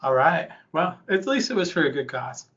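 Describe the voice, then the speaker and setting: A man hosts a live webinar in a chatty, easygoing manner. His voice is gravelly with a bright, forceful edge and sits a little high. The audio is dull and lo-fi. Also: sing-song, normal speed. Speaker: conference host. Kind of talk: casual live webinar hosting.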